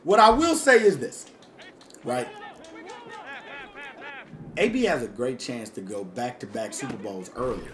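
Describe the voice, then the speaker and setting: A man's voice: mid-range voice, sing-song, measured pace, long pauses, music in the background. A man doing casual, hyped commentary over his own video game, talking straight to his viewers in slangy speech. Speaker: gaming YouTuber.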